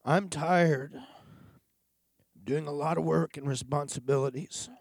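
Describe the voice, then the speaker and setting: A man preaching a sermon in an earnest, confessional way, pausing and sighing between thoughts. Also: a little high, gravelly, no room sound, clean studio sound.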